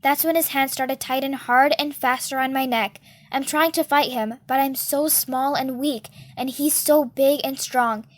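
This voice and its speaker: A woman reading a children's novel aloud in a steady, unhurried way. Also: high voice. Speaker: storyteller.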